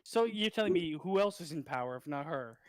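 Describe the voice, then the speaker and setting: A man's voice: fairly high pitch, expressive, fairly quick, no room sound. A man co-hosting a casual podcast chat, blunt and profane, ranting his points.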